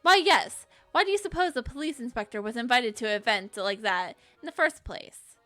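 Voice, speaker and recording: A calm, courteous gentleman professor, read by a woman in a bright, clear tone. He speaks formally and evenly, polite and measured as a puzzle-game hero. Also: a little high, faint music behind.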